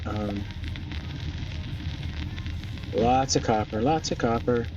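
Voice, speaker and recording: A man casually narrating his own gameplay, thinking aloud and filling pauses with ums as he goes. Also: mid-range voice, far from the mic. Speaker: gaming channel host. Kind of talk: casual let's-play commentary. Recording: dull lo-fi mic a bit off, faint music. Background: faint background music.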